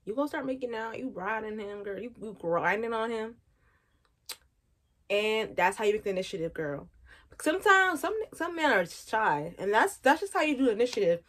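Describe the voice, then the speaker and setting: A young woman in her twenties talks straight to her viewers in a loose, slangy, frank way. Her voice sits at an ordinary middle pitch, and she laughs at her own jokes as she goes. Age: 20s. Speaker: vlogger. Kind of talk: casual chat.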